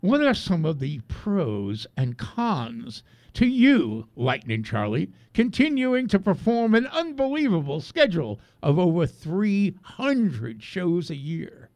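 A man's voice: sits high, wildly swooping pitch, slow, a little mellow, no echo. A man co-hosting a comedic radio show, reading out listener questions with mock outrage and frequent laughter.

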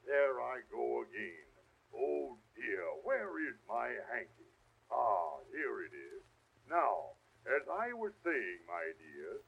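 Old Santa Claus with a cold, played by a man: slow, husky, lively pitch, grandfatherly, vintage radio. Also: heavily acted. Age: older. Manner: chuckling, grandfatherly, sneezing. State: has a bad cold. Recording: dull old radio recording.

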